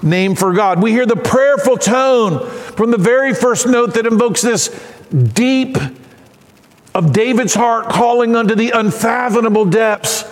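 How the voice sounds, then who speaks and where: A middle-aged man preaching a sermon as pastor, animated and acting out voices and cries. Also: extremely high pitch, normal speed. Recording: long hall reverb.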